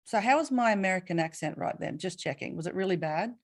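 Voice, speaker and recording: A middle-aged Australian woman giving a webinar keynote, telling stories with expressive emphasis and asking rhetorical questions. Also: on the low side, quick pace. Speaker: keynote speaker.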